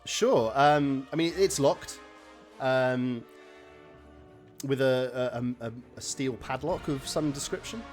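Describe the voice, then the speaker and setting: A man's voice: medium pitch, slow, faint music behind. A man narrating a tabletop game as game master, hesitant with many fillers.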